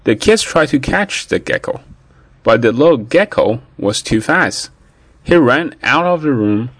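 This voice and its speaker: A man narrating a children's story in an expressive read-aloud manner. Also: mid-range voice, measured pace, no room sound.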